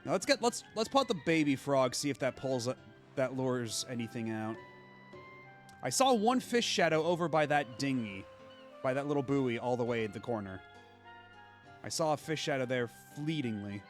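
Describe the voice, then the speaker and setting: A man's voice: medium pitch, big pitch swings, faint music behind. Chatty man streaming a game. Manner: chatty, thinking aloud, quick asides. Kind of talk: casual gameplay commentary.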